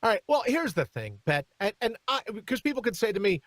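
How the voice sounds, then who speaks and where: A man's voice: sits high, very animated, a little fast, fairly bright tone, dry recording. A man hosting a talk radio show, giving emphatic commentary and turning often to his co-host. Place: radio studio.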